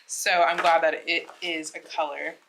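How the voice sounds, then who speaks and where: A young woman from the States chats through an unboxing in an easy, bubbly way, sprinkling filler words through every sentence. Her voice sits fairly low for a woman. A steady hum of noise runs under the recording. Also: unhurried, creaky. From United States. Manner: bubbly, chatty, lots of "like" fillers. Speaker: vlogger. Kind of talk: casual unboxing chat.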